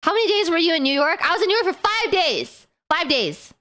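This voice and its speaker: A woman streamer in casual live-stream chat who talks in a giggly, animated way and laughs often. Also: very high-pitched, fairly quick.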